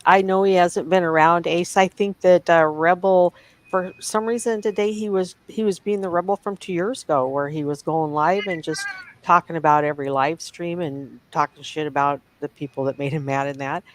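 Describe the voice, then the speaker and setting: A woman's voice: fairly low pitch, fairly even intonation, normal speed, poor audio. A woman from the Midwest co-hosting a casual livestream chat, gossipy and teasing, chuckling as she talks. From Midwest United States. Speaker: livestream co-host.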